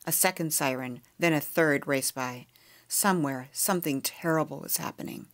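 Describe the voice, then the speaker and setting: A woman podcast host reading a memoir chapter aloud in a quiet, measured, intimate way. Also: low-pitched.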